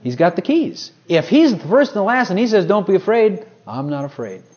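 A man preaching a sermon, swinging from hushed, personal asides to loud, ringing scripture quotes. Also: high-pitched, very animated, fairly quick.

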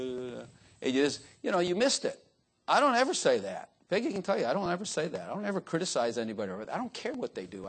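A man's voice: medium pitch, husky. An older man preaching an informal sermon, folksy and joking, often turning to the congregation with "Amen?". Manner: folksy, joking asides, frequent "Amen?" to the crowd.

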